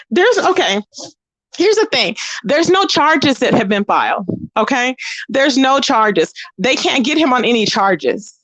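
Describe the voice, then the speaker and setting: High-voiced chatty woman, dry close mic. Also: a bit bright, dry recording, highs cut off. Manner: chatty and blunt, greets viewers by name. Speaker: host of a live commentary stream. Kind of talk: casual live-stream chat.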